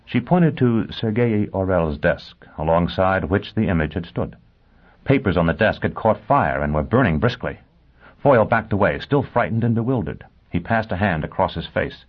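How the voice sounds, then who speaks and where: A man narrating a science fiction story in a measured, even way. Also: sits low, husky, dull audio. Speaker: audiobook narrator. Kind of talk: scripted narration.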